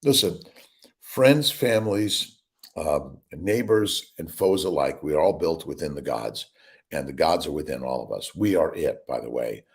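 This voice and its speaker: With a rumbling low voice and an animated delivery, this middle-aged doctor keeps a measured pace on his relaxed morning livestream. He reads out viewer comments, greets fans by name, and rambles cheerfully.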